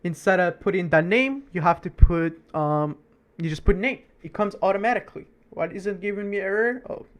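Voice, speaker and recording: A young man giving a screen-recorded coding lesson, talking fast with many fillers and self-corrections. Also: sits high. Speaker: coding teacher.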